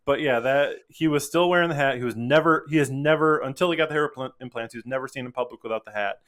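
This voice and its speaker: A man's voice: mid-range voice, fast. A man, a podcast guest, telling a story in casual chat and acting out the voices he quotes. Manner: animated, acts out quoted voices.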